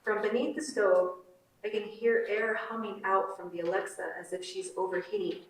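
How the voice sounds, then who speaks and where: A woman presenting at a conference, reading a short story aloud in a measured, unhurried way and then commenting on it. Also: medium pitch, steady tone. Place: conference room. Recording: roomy hall from far off.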